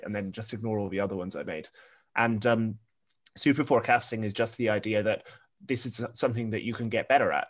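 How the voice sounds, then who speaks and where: A British man with a soft voice, speaking as a guest on a podcast panel and thinking aloud with many pauses and restarts. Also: on the low side. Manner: thoughtful, many ums and restarts. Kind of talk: casual panel discussion.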